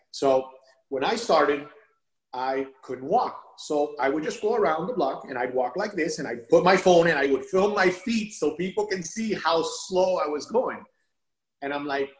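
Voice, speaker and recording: A man speaking as a guest in a casual conversation, talking in an animated way and laughing often as he tells stories. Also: sits high. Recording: roomy echo.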